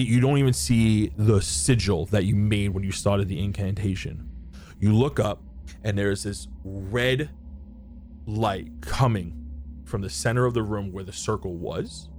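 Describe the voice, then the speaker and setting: A man's voice: fairly low pitch, measured pace, darkish tone, soft background music. A man narrating a tabletop role-playing game as game master, describing scenes with frequent fillers and restarts.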